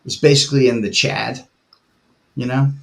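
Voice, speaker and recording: A man's voice: medium pitch, steady tone, normal speed, vocal fry. A middle-aged man, host and band musician, in rambling, profane casual chat with lots of filler and laughter.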